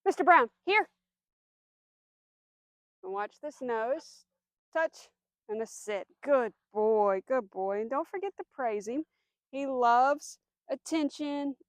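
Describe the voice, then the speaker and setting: Clear-voiced woman teaching dog training. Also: on the high side, slow pace, no echo. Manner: clear instructional, firm commands, soft praise to dog. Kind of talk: outdoor dog training demonstration. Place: outdoors.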